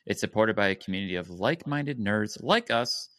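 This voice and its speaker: A man's voice: on the low side, lively intonation, brisk, a bit bright, no room sound. A man hosting a casual gaming podcast, steering the talk and reading out housekeeping notes. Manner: runs the show, reads housekeeping plugs. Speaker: podcast host.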